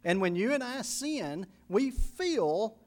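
A man preaching with a fairly high voice that leaps up and down all the time. He builds to loud emphatic peaks, then drops to low hushed asides, and acts out quoted speech and little sound effects. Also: very animated, slow pace. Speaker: pastor. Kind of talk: sermon.

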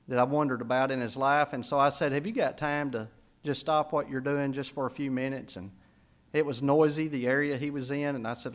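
A man, a pastor preaching a sermon, telling a story and building to emphatic peaks before dropping soft. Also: mid-range voice.

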